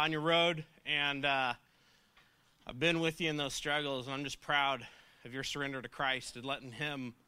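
Bright, upbeat man leading a meeting. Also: medium pitch, clear, resonant tone. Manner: upbeat, joking, loud. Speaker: recovery meeting leader. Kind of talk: joking announcements and prayer.

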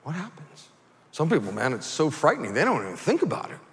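A male pastor preaches with lively fervor in a high, bright, forceful voice, often rising to a shout. His voice carries through a long church reverb. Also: quick pace. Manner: animated, builds to fervent shouting, acts out voices. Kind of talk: sermon.

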